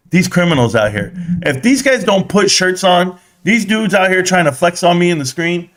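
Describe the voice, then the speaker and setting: A young adult man hosting a casual stock live stream, reading the chat aloud, joking and swearing, swinging from excited shouts to low mutters. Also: normal speed.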